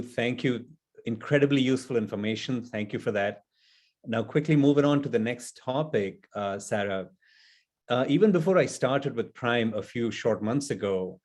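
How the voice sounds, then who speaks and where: A man speaks politely in a webinar, thanking the panel before he asks his question. His voice sits in a middle pitch. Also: a little mellow. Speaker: senior advisor. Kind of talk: webinar conversation.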